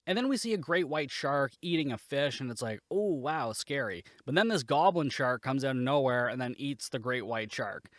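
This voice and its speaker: A man's voice: mid-range voice, fairly bright tone, dry recording, studio quality. A man hosting a podcast, giving a casual, rambling and sarcastic spoken review, swearing freely. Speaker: podcast host, movie reviewer.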